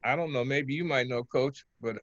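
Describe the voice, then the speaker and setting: A man's voice: medium pitch, moderate pace, no echo, dull audio. Older man telling baseball stories. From Oakland, California. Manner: relaxed, rambling, chuckles between stories. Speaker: interview guest, former pitcher. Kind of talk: casual interview storytelling.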